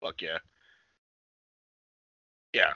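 A young man chatting as a podcast co-host, swearing constantly and bursting into loud shouted quotes. His voice has a very bright, forceful edge. It is recorded dry, with a slightly dull, lo-fi sound. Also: drawn-out words, dry recording. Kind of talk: casual profane chat recapping a cartoon.

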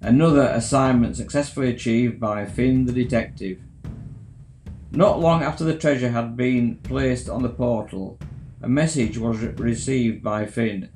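A man narrating a children's adventure story in a measured, even way. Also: medium pitch, echoey room, faint music behind. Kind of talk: scripted narration.

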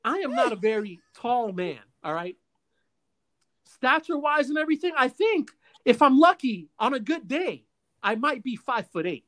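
A man hosting a podcast, telling a long story in a casual, animated way with many stammers and restarts. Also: very high-pitched, moderate pace. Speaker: podcast host.

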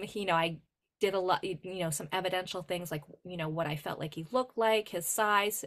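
New hampshire woman on a podcast, lowish bright voice, tells stories acting out the dialogue, lots of like and you know. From New Hampshire, USA. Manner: animated, acts out quoted dialogue, filler-heavy. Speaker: podcast co-host and medium. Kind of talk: casual storytelling chat.

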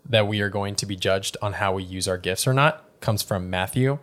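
Low-voiced laid-back man hosting a podcast. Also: normal speed. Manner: relaxed, laughs easily, corrects himself mid-sentence. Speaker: podcast host. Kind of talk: casual faith podcast chat.

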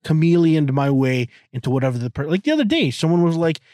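A man's voice: on the high side, very animated, quick pace, mellow, dry recording, clean studio sound. Profane, rambling male podcast host. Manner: crude, profane, rambling with many restarts. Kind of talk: casual podcast monologue.

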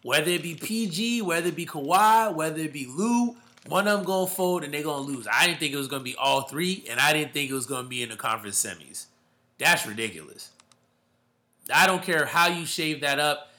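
Bright-voiced man in casual sports talk. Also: fairly high pitch, animated, brisk. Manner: emphatic, slangy, calls listeners bro.

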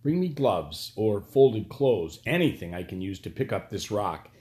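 Cunning court magician, older male, quietly theatrical and calm, as voiced by a male narrator. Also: on the low side, measured pace. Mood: measured.

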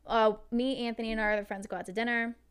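A woman co-hosting a podcast, telling a story in an animated, casual way and swearing freely. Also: fairly high pitch, fast, clean tone. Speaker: podcast co-host.

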